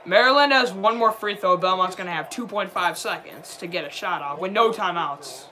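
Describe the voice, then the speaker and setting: A young man streaming a live reaction to a basketball game, excitable and prone to yelling at the plays, then apologizing. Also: high voice, normal speed, slight background noise. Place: home room, dog nearby.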